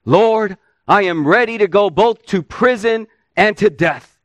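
A man's voice: sits high, a little slow, no room sound, pitched above the performer's own voice. A male preacher voicing an overconfident apostle who insists on his own loyalty. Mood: boastful. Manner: insistent, pleading. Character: boastful overconfident apostle, adult man.

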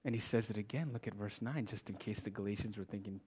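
A man preaching a sermon with passion, repeating phrases for emphasis and swinging between loud declarations and hushed whispers. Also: fairly low pitch, quick pace, slightly rough. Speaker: pastor.

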